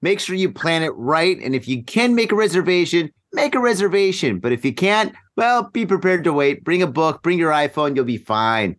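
A man hosting a casual podcast, joking and teasing. His pitch jumps around a lot and sits a little high. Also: lively intonation, moderate pace, hardly any pauses, a bit bright. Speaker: podcast host. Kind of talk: casual chat.

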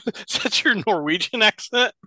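A co-host on a loose comedy podcast with a bright, edgy tone, giving short, amused answers and tripping over words at times. The voice is close-miked and dry. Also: mid-range voice, lively intonation, dry recording. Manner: short replies, amused, halting. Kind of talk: casual comedy podcast chat.

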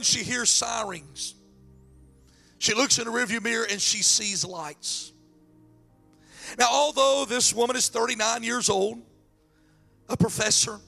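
Male pastor, strained throat, high gravelly voice, excitable storyteller. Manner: excitable, repeats words when building up. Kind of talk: sermon storytelling.

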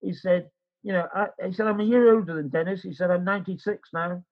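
A man's voice: high voice, steady tone, fast, highs cut off. An older man telling a rambling personal story in casual chat, acting out the voices of the people in it. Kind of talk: casual anecdote.

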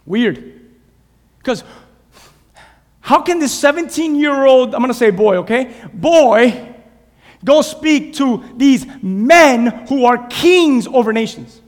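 A man preaching a sermon to a church, dynamic, swinging from hushed asides to shouted passages. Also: very high voice, lively intonation, takes it slowly, long pauses. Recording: long hall reverb.

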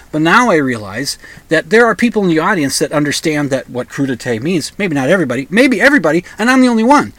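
A man's voice: a little high, fairly bright tone. Rambling middle-aged male monologue host. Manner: digressive, with frequent restarts and repeated words.

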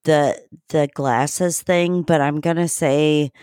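Woman, lowish voice, podcast guest, dry sarcastic asides. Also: fairly even intonation, takes it slowly, mellow, smooth, dry recording. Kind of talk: casual chat.

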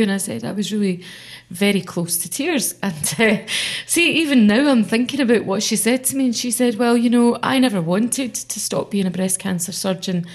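Woman, middle-aged, earnest, rambling, interview guest. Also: mid-range voice. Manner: earnest, rambling, with frequent fillers and restarts. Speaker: member of parliament. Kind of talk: conversational interview.

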